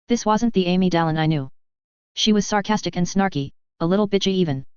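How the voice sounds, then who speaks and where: A woman reads a first-person story aloud, her voice low-pitched and strikingly smooth. Her narration is steady and even. The recording is close and dry, slightly dull in the highs. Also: no room sound. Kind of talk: reading fan fiction aloud.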